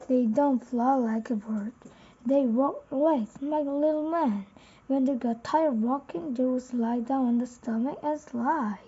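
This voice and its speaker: A woman with a Korean accent reading the lines of a dreamy man who is fond of polar tales, in a halting way, with a husky voice. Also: high voice, warm tone, lo-fi sound, exaggerated voice.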